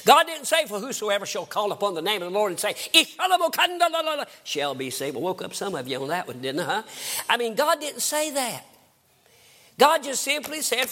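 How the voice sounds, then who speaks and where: Fervent older preacher with a bright voice. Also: male voice, sits high. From American South. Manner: fervent storytelling, rising to shouts. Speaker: evangelist preacher. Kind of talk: sermon.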